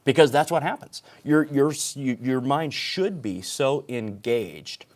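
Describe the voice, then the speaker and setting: A man's voice: medium pitch, expressive, a little slow. A man speaking earnestly in a casual panel discussion among instructors, restarting some sentences.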